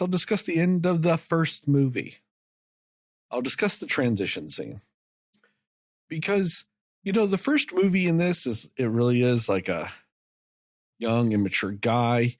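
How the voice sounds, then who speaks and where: A man co-hosts a casual film review podcast, rambling and swearing freely as he walks through scenes and often acts out characters' lines in quick asides. His voice is a little high and expressive, captured in a dry, studio-quality recording.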